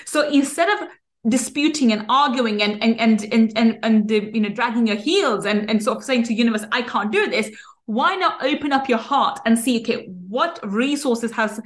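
A woman's voice: a little high, moderate pace. A woman hosting a podcast, giving an earnest motivational monologue with many restarts and fillers. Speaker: podcast host.

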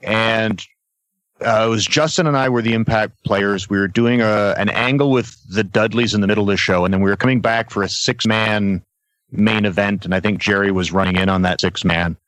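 A man, a guest on a podcast, telling a backstage anecdote in a casual, animated way and laughing as he goes. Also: lowish voice, a little fast, no echo. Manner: animated storyteller, laughs between lines, acts out other voices. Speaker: guest, former wrestler.

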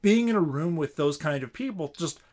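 Male podcast co-host, slightly high voice, keen and argumentative. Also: expressive, a little mellow. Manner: enthusiastic, quick to argue a point. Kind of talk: casual chat.

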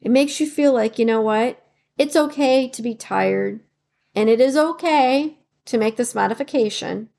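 A woman's voice: a little high, moderate pace, gravelly, darkish tone. A woman hosting a podcast, giving supportive self-help advice with many encouraging rhetorical questions. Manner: fillers and restarts, emotional at times. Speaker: podcast host.

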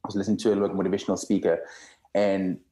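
A man in his thirties with a fairly low voice speaks earnestly in casual podcast chat. He rambles and restarts often, and the room gives his words a noticeable echo. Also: level tone, rapid-fire, dark tone. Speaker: guest cohost. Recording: roomy echo.

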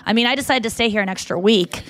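A woman's voice: a little high, fast talker, fairly bright tone. A woman in her thirties co-hosting a podcast in casual chat. She is chatty and self-mocking and often laughs. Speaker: podcast co-host. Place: staying in a tropical island town.

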